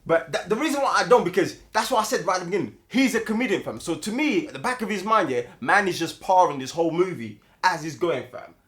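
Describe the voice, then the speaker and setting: A man's voice: sits high, expressive, quick pace, few pauses, a bit bright. A young man, co-hosting a casual movie review with emphatic, slangy talk. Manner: slangy, emphatic, laughs often. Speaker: podcast co-host.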